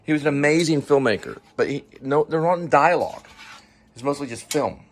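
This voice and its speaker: A man's voice: fairly high pitch, fairly quick. Rambling man chatting over dinner. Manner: rambling, searches for names, hums and chews. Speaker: co-host. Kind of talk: casual home chat over a meal.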